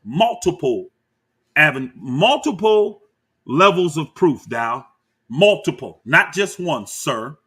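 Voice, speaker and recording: Taking it slowly, this man speaks in a husky voice on the high side. As he reacts to clips, his commentary turns heated and combative, naming people and talking straight to his viewers, whom he animatedly calls y'all.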